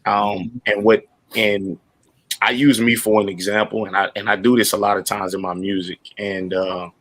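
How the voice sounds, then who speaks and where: A man joining a panel discussion, speaking in a measured, hesitant way with many ums. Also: lowish voice, flat delivery, a bit bright. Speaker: panel guest.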